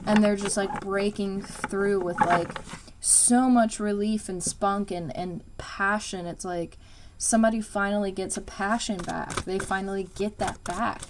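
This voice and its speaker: A woman's voice: medium pitch, fairly even intonation, unhurried, noisy background. A woman giving a casual spoken tarot reading, rambling and emphatic, with lots of fillers and frequent swearing. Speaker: tarot reader.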